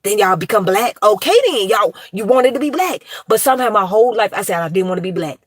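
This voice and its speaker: Woman, thirties, profane repetitive rant, mid-pitched voice, dry recording. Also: fast, breathy edge, dry recording. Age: 30s. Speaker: vlogger. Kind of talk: ranting monologue to viewers.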